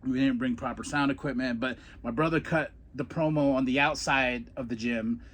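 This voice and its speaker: This is casual storytelling followed by a wrestling recap from a man who once wrestled and now hosts a podcast. He wanders through old stories, repeating words and frequently laughing. His voice is mid-range and slightly bright, with fairly even intonation at a moderate pace.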